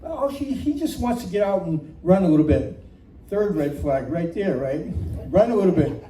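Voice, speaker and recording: A man telling a comic true story at a live storytelling night, animated and self-mocking, often laughing as he talks. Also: high voice, normal speed. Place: community center room. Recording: echoey room from far off, faint noise.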